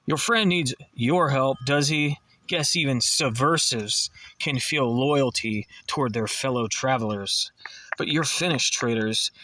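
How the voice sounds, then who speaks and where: A man's voice: mid-range voice, sharp tone, dry recording, distant mic, low-quality recording. A man reading a comic aloud, voicing a blustering male soldier villain who taunts his foes.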